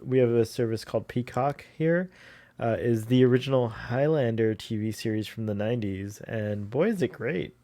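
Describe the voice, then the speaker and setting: A man's voice: mid-range voice, moderate pace, mellow, dry recording. Rambling man in a dry recording. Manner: rambling, laughs often. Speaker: podcast guest. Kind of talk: casual fan commentary chat.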